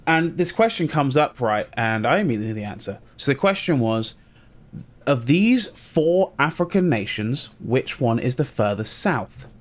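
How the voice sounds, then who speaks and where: A man's voice: mid-range voice, very animated, normal speed. A man with a British accent, co-hosting a podcast and telling a chatty anecdote in casual conversation. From Britain. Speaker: podcast co-host. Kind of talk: casual chat.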